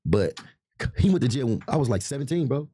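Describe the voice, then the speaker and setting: Fast-talking husky man in his thirties. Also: mid-range voice. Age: 30s. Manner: rapid, repetitive, animated storytelling. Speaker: podcast guest. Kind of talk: heated casual talk.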